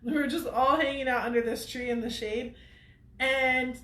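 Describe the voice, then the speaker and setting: A woman's voice: high-pitched, steady tone, normal speed, pushed and bright, reverberant. A woman hosting a weekly show, telling a story to viewers in a chatty way and laughing often. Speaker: host of a weekly off-road show.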